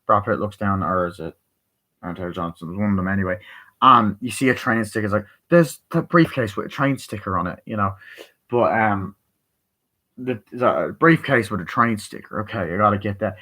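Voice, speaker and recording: A man casually reviewing a film, swearing freely and acting out the characters' lines in a raised, excited voice. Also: fairly low pitch, moderate pace. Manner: excited, profane, acts out quotes in raised voice. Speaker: movie reviewer.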